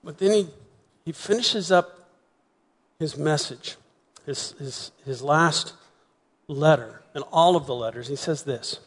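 A man preaching a sermon as pastor, earnest, often repeating words and slowing to soft, emphatic pauses. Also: a little high. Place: church sanctuary. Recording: long hall reverb.

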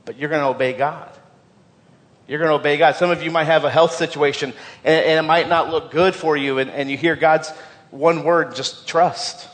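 A man's voice: fairly high pitch, fairly even intonation, normal speed, fairly bright tone. Earnest male pastor in a reverberant church. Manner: earnest, repeats key phrases for emphasis; frequent stumbles and repeated words. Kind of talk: sermon.

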